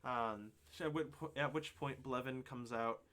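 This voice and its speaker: Guy gm narrating a tabletop game, lots of ums, average pitch. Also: normal speed, fairly bright tone. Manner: hesitant, lots of ums and uhs. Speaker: game master.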